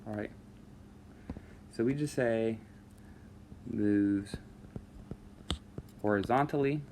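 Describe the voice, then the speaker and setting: A man teaching a math lesson over a screen recording, walking students through each step in a relaxed way with frequent checks of "all right?". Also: fairly low pitch, takes it slowly, slight background noise.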